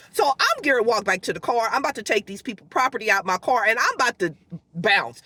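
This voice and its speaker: Animated storytelling woman in a car. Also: fairly high pitch, quick pace, husky, poor audio. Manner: animated storytelling, acts out quotes. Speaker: vlogger. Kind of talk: casual storytime vlog.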